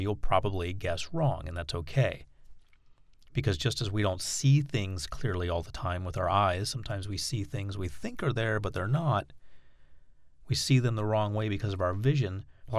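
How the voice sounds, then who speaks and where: Male instructor, lowish voice, patient step-by-step explainer, dry close recording. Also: no echo. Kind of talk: instructional talk.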